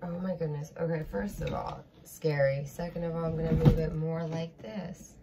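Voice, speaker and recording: A woman's voice: deep voice, level tone, normal speed, very noisy. A young woman hosting a reaction video, chatting casually, giggly and squeamish.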